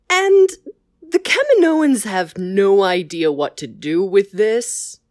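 Wry, animated woman telling a story. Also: medium pitch, no echo, clean studio sound. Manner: wry, animated, quick asides. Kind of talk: casual story retelling.

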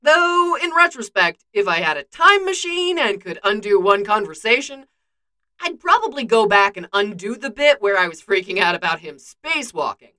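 Lady doing a cocky jokey archer dude, bright, lively voice, rambles and teases. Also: medium pitch, moderate pace. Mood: rambling. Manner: teasing, self-mocking. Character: wisecracking young adult male archer.

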